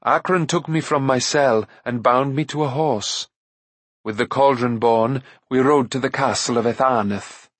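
A man's voice: mid-range voice, breathy edge, dry recording. A man voicing a grave noble prince. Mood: measured. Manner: measured, dignified, formal. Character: calm noble warrior prince, grave and gentle.

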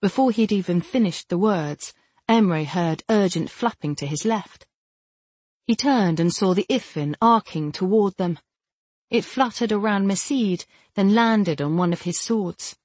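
Steady woman narrating a fantasy novel. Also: mid-range voice, unhurried, husky, no room sound. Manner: steady, even storytelling. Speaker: audiobook narrator.

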